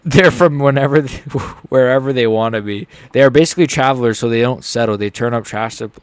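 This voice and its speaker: A man streaming a live fight reaction, excitable and joking, often blurting out swear words. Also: medium pitch, brisk, clean tone, no echo.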